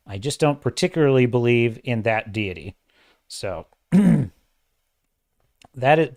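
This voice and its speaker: A man hosting a livestream, chatting casually and rambling, laughing often and reading out viewer comments. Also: mid-range voice. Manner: rambling, animated, laughs often, reads chat aloud. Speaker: livestream host.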